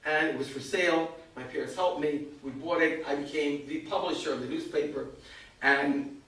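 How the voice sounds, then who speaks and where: A man's voice: on the high side, far from the mic. Older New man, echoey hall. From United States. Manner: self-mocking, acts out voices. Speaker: speaker. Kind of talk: storytelling talk. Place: synagogue hall.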